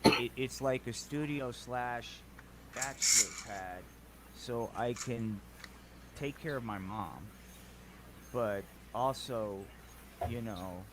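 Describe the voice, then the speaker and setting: A man's voice: medium pitch, slow, pauses often, heavy background noise. A man joining a casual stream chat, chummy and boastful.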